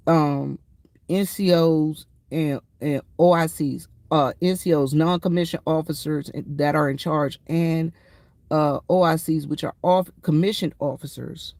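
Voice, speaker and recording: A woman's voice: sits low, takes it slowly, a little mellow, no echo. A woman veteran speaking to her viewers in a casual, emphatic storytelling monologue, often calling them y'all. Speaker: military veteran vlogger.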